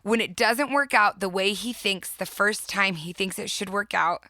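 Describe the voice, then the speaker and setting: A woman's voice: medium pitch, moderate pace, sharp tone, no echo. A woman hosting a podcast, retelling a story with heartfelt enthusiasm in a casual, reflective way. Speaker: podcast host.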